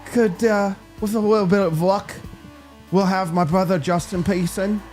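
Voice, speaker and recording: A man's voice: high-pitched, fairly even intonation, moderate pace, darkish tone, faint music behind. Playful man hosting a show. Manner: playful, joking. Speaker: show host. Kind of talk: casual talk show chat.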